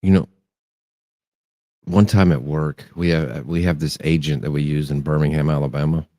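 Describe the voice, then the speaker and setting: A man's voice: rumbling low, fairly even intonation, normal speed, dark tone, no echo, studio quality. A man from Texas with a mild Texas accent, co-hosting a casual chat and telling easygoing stories. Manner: easygoing storyteller, laughs often. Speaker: podcast co-host.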